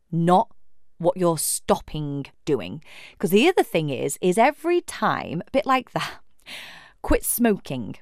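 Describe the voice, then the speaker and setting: Solo podcast host, female coach, very animated pitch, dry close sound. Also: dry recording. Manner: expressive, acts out imagined voices.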